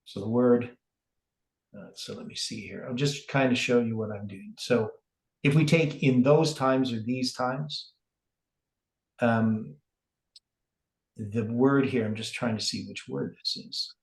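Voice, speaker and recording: Slow, thinking-aloud man teaching scripture. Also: mid-range voice, reverberant, low-quality recording. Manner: thinking aloud, many fillers and "right?" checks. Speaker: Bible teacher. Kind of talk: word-by-word scripture study.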